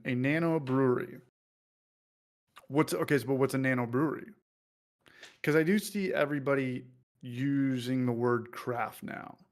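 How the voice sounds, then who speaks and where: A man casually hosting a livestream, joking loosely and reading out viewer comments. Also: medium pitch. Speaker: livestream host.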